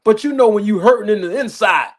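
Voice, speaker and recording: A man telling a story slowly and deliberately, repeating phrases as he builds it up. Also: high-pitched, animated. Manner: slow, deliberate, repetitive storytelling with laughs. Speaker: podcast host. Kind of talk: slow storytelling.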